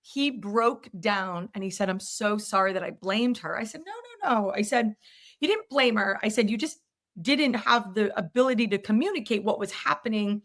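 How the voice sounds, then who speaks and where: A woman's voice: medium pitch, moderate pace. A woman podcast host and myofunctional therapist telling a story in conversation, acting out the quoted dialogue with energy. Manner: animated, acts out quoted dialogue in her stories.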